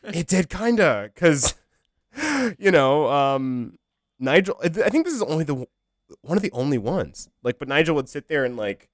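A man with a slightly high, lively voice chats casually on a podcast, halting often with fillers and restarts. The sound is close and dry, with no room echo. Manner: hesitant, many fillers and restarts, laughing. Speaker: podcast co-host. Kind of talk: casual chat.

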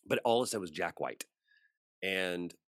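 A man's voice: deep voice, a little slow, fairly bright tone, no echo, clean studio sound. A male voice actor in an interview, telling a story casually and acting out the voices of the people in it. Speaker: voice actor guest.

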